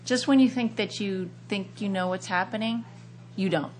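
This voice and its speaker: A woman's voice: medium pitch, normal speed, a little mellow, slight background noise. A woman hosting a radio chat, eagerly telling stories about the books she reads. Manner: enthusiastic, chatty storytelling.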